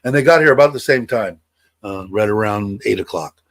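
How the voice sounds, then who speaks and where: A man's voice: fairly low pitch, fairly quick, fairly bright tone, dry recording. A man in his sixties chatting casually on a livestream, rambling with many fillers and restarts. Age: 60s. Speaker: livestream host. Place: home in Thailand.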